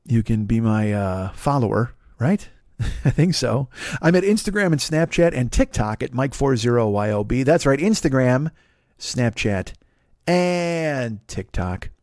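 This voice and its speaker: Comedic host, man in his 40s, foul-mouthed ranter, mid-pitched, dry booth sound. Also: a little mellow, no echo. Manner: swearing, ranting, mocking voices. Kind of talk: profane comedic rant.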